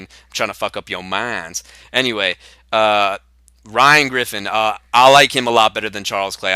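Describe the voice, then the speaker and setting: Bright-voiced, rambling male podcast host. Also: lowish voice, clear, resonant tone, no room sound. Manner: rambling, crude, hesitant fillers. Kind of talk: casual comedy podcast chat.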